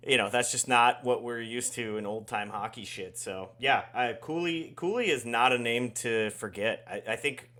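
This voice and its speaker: A man's voice: mid-range voice, moderate pace, hardly any pauses, bright, forceful tone. A man co-hosting a hockey podcast in casual chat, laid-back, swearing often and trailing off mid-sentence. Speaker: podcast co-host.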